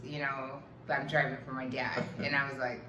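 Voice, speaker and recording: A woman's voice: rumbling low, little pitch movement, normal speed, reverberant, over a noisy crowd, rough recording. A woman chatting casually as co-host, telling anecdotes and slipping in Spanish phrases. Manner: storytelling, drops into Spanish phrases. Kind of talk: casual chat. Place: living in the Dominican Republic.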